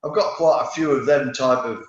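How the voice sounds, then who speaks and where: A man's voice: mid-range voice, moderate pace. Former footballer guy in his 50s spinning long stories, roomy kinda dull recording. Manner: lively storyteller, rambling with restarts. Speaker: former footballer, podcast guest. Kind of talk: casual anecdote-telling interview.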